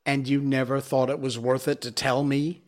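A man's voice: medium pitch, level tone, normal speed, natural voice. A man voicing a brave young male mongoose who speaks in urgent, clipped, impatient lines, read aloud as a storybook character.

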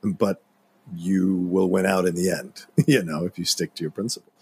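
A man's voice: low voice, fairly even intonation, moderate pace, a little mellow, breathy edge. A man co-hosting a podcast, talking about a film in a reflective and earnest way. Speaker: podcast co-host. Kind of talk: casual film discussion.

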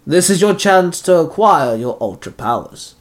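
A man voicing a scheming male Duke Orc monster who speaks in a slow, drawn-out, lordly way. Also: on the high side, lively intonation, pitched above the performer's own voice, close to an everyday voice. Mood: lofty.

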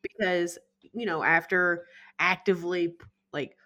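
A woman co-hosting a casual movie podcast, calmly summarizing the plot in an easygoing way. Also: on the low side, a little slow. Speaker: podcast co-host. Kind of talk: casual movie recap chat.

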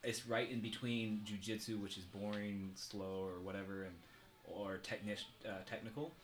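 A young man in casual chat about fighting, relaxed, swearing and laughing freely. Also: lowish voice, moderate pace. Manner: laid-back, swears freely, laughs often. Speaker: podcast co-host, jiu-jitsu practitioner.

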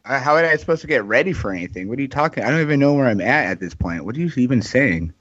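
A man's voice: mid-range voice, lively intonation, rapid-fire, fairly bright tone, no room sound. Man co-hosting in dry lo-fi sound. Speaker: podcast co-host. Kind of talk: casual chat.

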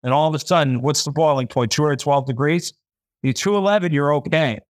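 A man's voice: fairly high pitch, brisk, no echo. A man hosting a podcast, giving an impassioned faith talk in a fervent, preachy way, repeating himself and voicing imagined listeners.

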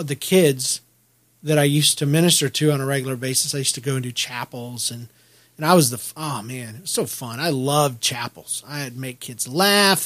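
A middle-aged man from Kansas City hosting his own podcast, talking in a candid, rambling, self-deprecating way with frequent restarts. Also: a little high. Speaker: podcast host. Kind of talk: personal podcast monologue.

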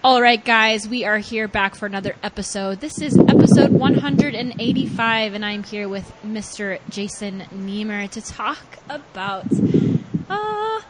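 A young woman hosting a podcast in a casual, bubbly chat, laughing often and swinging her pitch widely. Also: animated, measured pace, very noisy. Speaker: podcast host and life coach.

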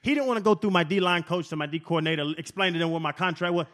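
A man in his forties, a former football player, telling profane, animated stories as a podcast guest. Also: on the high side, racing. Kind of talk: casual storytelling.

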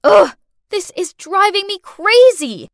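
A young woman narrating a first-person animated story in a dramatic, exclaiming manner. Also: very high voice, takes it slowly, dry recording, studio quality. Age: young adult.

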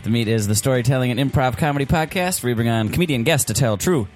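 A man's voice: medium pitch, lively intonation, faint music behind. A young man co-hosting a casual comedy podcast, rambling a bit and laughing often between his remarks. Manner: giggly, rambling, quick to laugh. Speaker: podcast co-host.

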